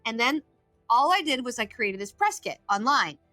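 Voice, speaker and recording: Her voice a little high and bright with big pitch swings, a middle-aged woman who works as a recovery coach tells emphatic stories as a podcast guest, voicing the people she quotes. She speaks at normal speed with a forceful tone, in a dry recording over faint background music.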